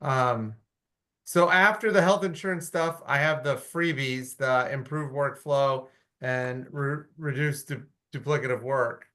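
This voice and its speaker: A man on a town committee arguing his point in a meeting, animated and blunt, with frequent restarts. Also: mid-range voice, unhurried. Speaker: committee member. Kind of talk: meeting discussion.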